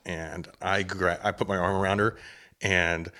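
Deep-voiced man telling a lively story. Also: moderate pace. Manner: lively storyteller, gets worked up telling a hunt. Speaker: guest, hunter and drinkware entrepreneur. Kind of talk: casual podcast conversation.

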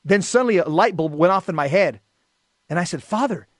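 A man's voice: high voice, animated, fairly quick, no room sound, clean studio sound. A middle-aged man giving an earnest, emphatic personal testimony about faith. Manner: earnest, emphatic, rises to shouting in quoted exchanges. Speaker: Catholic lay speaker.

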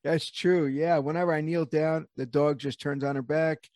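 A man's voice: a little high, steady tone, moderate pace, a little mellow, no echo, clean studio sound. A man hosting a podcast interview, speaking hesitantly with many fillers and frequent laughter. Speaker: podcast host, PE teacher. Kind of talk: conversational interview.

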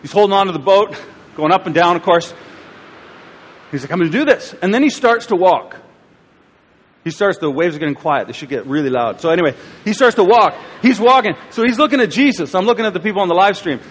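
A pastor giving a sermon, telling a story and acting out its scenes with voices and asides to the crowd. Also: male voice, sits high, expressive, a little fast. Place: church auditorium. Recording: live church recording with long hall reverb.

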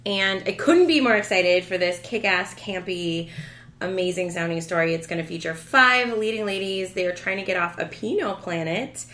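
A woman co-hosting a casual podcast, talking in a gushing, excitable way with lots of emphasis. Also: lowish voice, normal speed. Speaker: podcast co-host.

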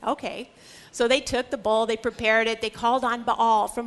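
A woman's voice: on the high side, level tone, moderate pace. Woman giving an emphatic scripture lecture. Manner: dramatic, emphatic storytelling. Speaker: Bible teacher.

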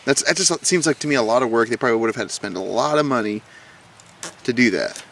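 Male co-host, excitable rambler, loose podcast conversation. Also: mid-range voice, quick pace, gravelly, a little hiss or hum. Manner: rambling, excitable, many restarts. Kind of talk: casual chat.

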